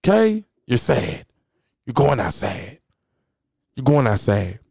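A man's voice: medium pitch, slow pace, creaky, darkish tone, husky. Blunt, preachy man ranting on a podcast. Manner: blunt, preachy, repeats phrases for emphasis. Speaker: podcast host. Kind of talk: profane motivational podcast rant.

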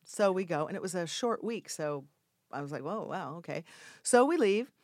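Older woman, storyteller, lively acted quotes, lower pitch, dry studio sound. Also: normal speed, no echo. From Mexico. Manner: animated storyteller acting out quoted lines with big jumps in pitch and volume. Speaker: actress guest telling a story. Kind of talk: casual anecdote in a podcast interview.

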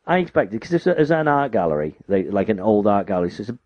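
A man's voice: on the low side, quick pace, no echo, lo-fi sound. A man telling a funny story in a casual chat, acting out the people in it. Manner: animated retelling, acts out others in quotes.

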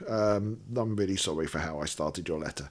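A man's voice: low-pitched, fairly quick. A man co-hosting a podcast, reading a listener's letter aloud steadily and adding wry asides. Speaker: podcast co-host.

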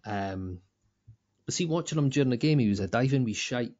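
A Scottish man co-hosting a football podcast, talking in sweary, laughing, animated banter. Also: medium pitch, a little fast, highs cut off. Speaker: podcast co-host. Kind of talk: casual football chat.

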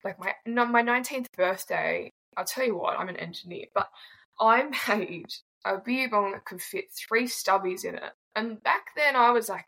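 A woman in her twenties with an Australian accent tells her own story as a guest, blunt, casual and freely swearing. Her medium-pitched voice is gravelly and fairly bright at a moderate pace, on a rough recording.

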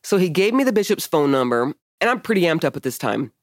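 A woman hosting a podcast shares a personal story in casual conversation, candid, emotional and swearing often. Her voice is fairly low and sing-song, she speaks fast, and the sound is clean studio quality with no echo.

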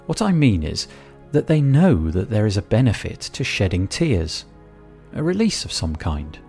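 A man hosting a podcast, giving a reflective, measured scripted narration. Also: on the low side, very animated, darkish tone, soft background music. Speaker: podcast host.

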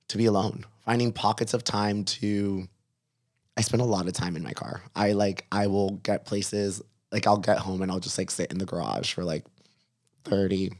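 A man who works as a fitness instructor, chatting casually in an interview, full of fillers and quick laughs. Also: on the low side.

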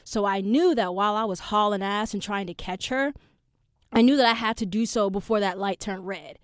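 A young woman hosting a podcast, telling a story in a casual, animated and profane way. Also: medium pitch, normal speed, no echo, clean studio sound. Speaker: podcast host.

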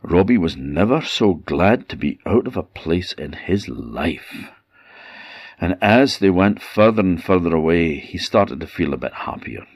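A man with an Orkney Scottish accent telling a folk tale in a measured, conversational way. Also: sits low, lively intonation, slightly rough, no echo, clean studio sound. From Orkney, Scotland. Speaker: storyteller.

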